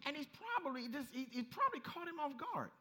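Animated, bright-voiced male preacher. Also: very high-pitched, fast. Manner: animated storytelling, acts out voices, laughs. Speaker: pastor. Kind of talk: sermon.

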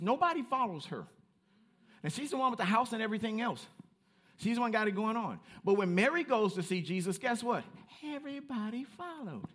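A man pastor preaching a sermon, animated and playful, calling out to members of the congregation. He has a Southern Black way of speaking. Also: sits high. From United States.

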